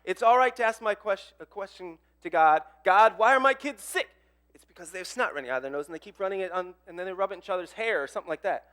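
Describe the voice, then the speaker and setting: A man preaching a sermon as pastor, conversational and expressive, with big swings in loudness. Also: sits high, racing, few pauses.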